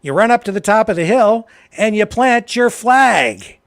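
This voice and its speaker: A Canadian man hosting a political talk show, delivering impassioned commentary that swings from low, quiet remarks to loud, emphatic outbursts. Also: lively intonation, unhurried. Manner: heated, addresses a co-host directly.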